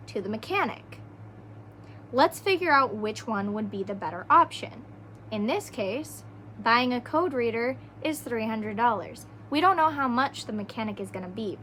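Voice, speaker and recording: A woman hosting a podcast who talks through her advice in a slow, deliberate, earnest way, often checking in with "right?". Her voice sits a little high. A faint hum runs under the recording. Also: fairly bright tone. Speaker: podcast host. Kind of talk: casual solo podcast talk.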